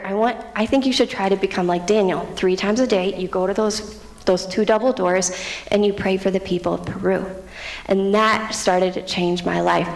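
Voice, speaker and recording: A young woman giving a personal testimony in a church, speaking earnestly and often dropping to a hushed near-whisper. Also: mid-range voice. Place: church sanctuary. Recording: reverberant church hall.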